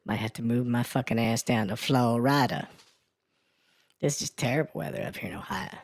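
A man voicing a brash, foul-mouthed woman who reads crude news and weather on a comedy radio show, ranting with a gravelly sass. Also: mid-range voice, moderate pace, no echo, lightly acted. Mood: sassy. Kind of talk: comedy radio character bit.

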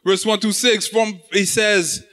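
A man's voice: high voice, fairly even intonation, measured pace, pushed and bright. A man preaching a sermon with impassioned, sing-song delivery and many repeated words.

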